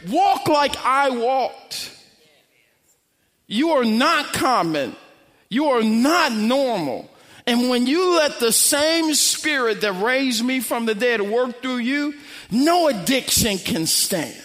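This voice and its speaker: A man's voice: very high-pitched, expressive, slow pace, fairly bright tone, long reverb tail. A man preaching a sermon, telling a story with acted-out quotes and building to emphatic, repeated lines.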